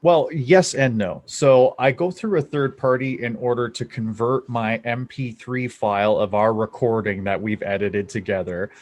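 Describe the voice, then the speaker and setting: A young adult man from Canada hosting a podcast, talking in an excitable, rambling way and swearing freely. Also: medium pitch, moderate pace, few pauses. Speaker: podcast host. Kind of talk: casual podcast chat.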